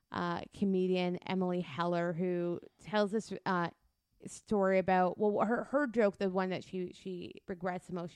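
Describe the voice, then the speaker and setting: Smooth-voiced woman chatting on a podcast. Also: lowish voice, a little mellow, dry recording. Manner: rambling, many fillers and restarts. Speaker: podcast co-host. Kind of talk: casual chat.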